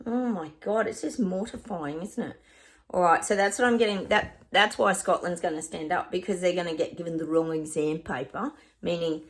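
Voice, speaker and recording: A woman's voice: on the low side, lively intonation, fairly quick. A woman with an Australian accent, a psychic chatting casually to camera in a rambling way, often stopping to laugh.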